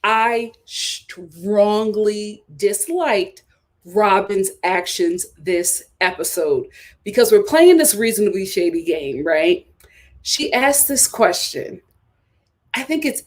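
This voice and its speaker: A woman hosting a live review of a reality show, talking with animated, indignant energy and piling up rhetorical questions. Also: mid-range voice, slow pace. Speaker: reality TV recap host.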